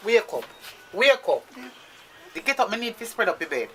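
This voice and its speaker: A woman's voice: medium pitch, big pitch swings, moderate pace, background noise, lightly acted. A woman with a Jamaican accent playing a scolding woman who nags a lazy man to get out of bed. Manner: nagging, scolding. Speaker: actor.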